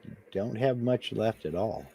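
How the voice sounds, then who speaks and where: A man's voice: on the low side, expressive, unhurried, gravelly, warm tone. A man co-hosting a live stream, chatting in a dry, laid-back way and reading viewer comments aloud. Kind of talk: casual live stream chat.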